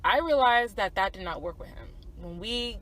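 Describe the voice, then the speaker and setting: A young woman in her twenties, talking on a podcast with an everyday pitch. She tells a personal story in loose casual chat. She swears freely, drops in lots of fillers, and turns aside to address her listeners. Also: animated, moderate pace, a bit bright, low-quality recording. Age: 20s. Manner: candid, profane, many fillers and asides to listeners. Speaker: podcast co-host.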